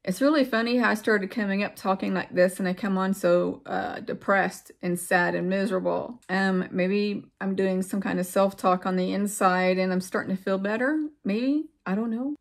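A woman speaking straight to her viewers in a loose, heartfelt monologue, her voice full of gravelly fry. She wanders from thought to thought, repeats words to press her point, and trails off into pauses. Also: medium pitch. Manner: rambling and reflective, drifting into pauses; earnest, repeats words for emphasis. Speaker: vlogger.

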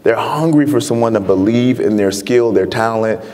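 A man's voice: mid-range voice, normal speed, darkish tone. A man from Chicago telling his story earnestly as a guest author in an onstage interview. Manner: earnest storytelling, laughs often. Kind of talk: onstage interview before an audience. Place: lecture hall with an audience. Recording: long reverb of a hall.

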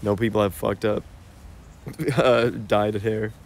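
Walking outdoors through a cemetery that looks like a park, this young man from the United States livestreams on his phone. His voice is fairly low and even, his pace slow, and his chat with viewers is easygoing, full of slang and frequent laughter.

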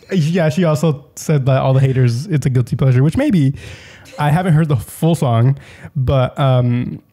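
A man's voice: mid-range voice, measured pace, mellow, breathy edge. A man co-hosting a podcast in casual chat, laid-back, laughing often and filling with "like". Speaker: podcast co-host.

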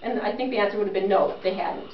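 A woman telling a funny personal story to a small group of listeners, in a self-mocking, animated way. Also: medium pitch, quick pace. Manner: animated, self-mocking, acts out quoted lines. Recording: roomy, distant, dull recording with faint hiss.

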